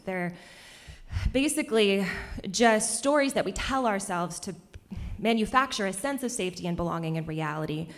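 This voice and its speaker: Young woman telling a story on stage. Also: medium pitch. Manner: animated, laughs often between lines. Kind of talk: live personal storytelling. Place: stage at a cultural center.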